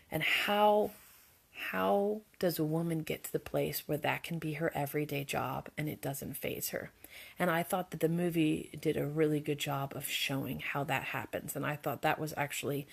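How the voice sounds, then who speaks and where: A woman with a low voice and a gravelly, creaky edge talks through a movie review in an unscripted, earnest way. She stresses her points hard and restarts her sentences as she goes. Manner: earnest and emphatic, with frequent restarts. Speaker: video host and movie reviewer. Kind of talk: casual spoken movie review.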